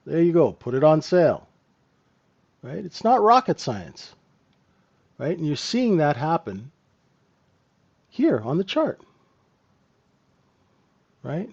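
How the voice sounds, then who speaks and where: A man's voice: fairly high pitch, very animated, slow pace, vocal fry, pauses often, breathy edge. Guy running a live trading class, chatty, keeps asking the room questions, kinda muffled sound. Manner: conversational, keeps asking "right?". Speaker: trading room host and trainer.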